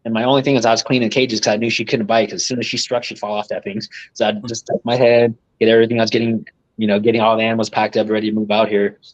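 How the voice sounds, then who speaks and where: On a live podcast, a guest who breeds reptiles tells rambling, profanity-filled stories casually and laughs at them as he goes. His voice is on the low side with little pitch movement, and he talks very fast. The sound is lo-fi.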